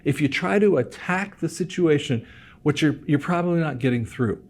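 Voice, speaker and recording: A man's voice: a little high, animated, normal speed, a little mellow. A man in his fifties, a hearing care doctor, talking casually to the camera in a chatty storytelling way. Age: 50s. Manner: chatty storyteller, repeats words as he restarts; acts out quoted voices in his stories.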